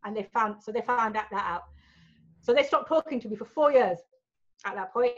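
A woman's voice: a little high, fairly quick, muffled recording. Frank, sweary woman telling stories. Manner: frank, sweary, laughs often, fillers like right and you know. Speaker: guest. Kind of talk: candid storytelling in a podcast chat.

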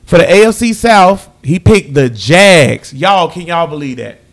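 Man, podcast host, loose casual chat, voice sits a bit high. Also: expressive, measured pace. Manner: loose, chatty, talks to listeners as y'all. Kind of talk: casual sports picks chat.

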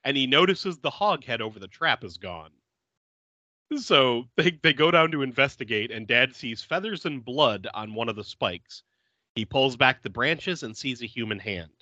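A man hosting a podcast, recapping a film in a casual, animated way, laughing often and swearing freely. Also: medium pitch, normal speed, dry recording, dull audio. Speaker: podcast host.

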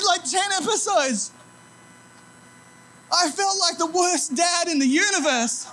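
A man's voice: very high voice, fairly bright tone, a little hiss or hum. A man in his thirties preaching a sermon as pastor, telling stories in a conversational, self-deprecating way.

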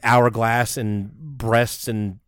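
A man co-hosting a podcast, chatting casually and excitedly, rambling and restarting his sentences. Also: mid-range voice, drawn-out words, no room sound, clean studio sound. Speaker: podcast co-host.

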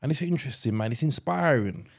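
A man's voice: mid-range voice, lively intonation, fast, creaky. A man co-hosting a podcast, chatting casually, often repeating words and teasing his co-host. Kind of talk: casual chat.

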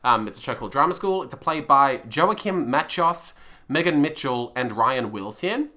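A man's voice: mid-range voice, animated, normal speed, sharp tone. A man co-hosting a podcast in casual, rambling, playful chat. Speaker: podcast co-host.

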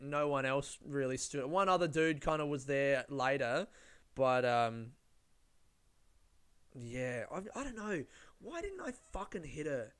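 Young man, slightly high and smooth, rambling storyteller who swears a lot. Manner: rambling, lots of swearing and fillers. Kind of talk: casual storytelling.

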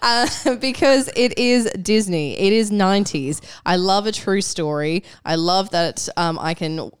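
A woman's voice: mid-range voice, unhurried, smooth, dry recording, studio quality. A woman co-hosting a casual movie podcast, talking with gushing enthusiasm. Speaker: podcast co-host. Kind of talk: casual chat.

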